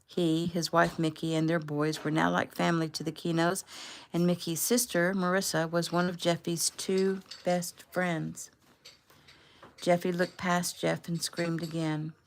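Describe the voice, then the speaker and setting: Woman, author narrating her own book, casual audiobook, conversational, low voice, gravelly. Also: unhurried. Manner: relaxed, conversational reading.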